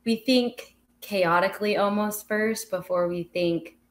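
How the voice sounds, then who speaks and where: A woman's voice: medium pitch, steady tone, measured pace. A young woman co-hosting a casual podcast, talking things through reflectively with many fillers. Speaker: podcast co-host. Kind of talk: casual chat.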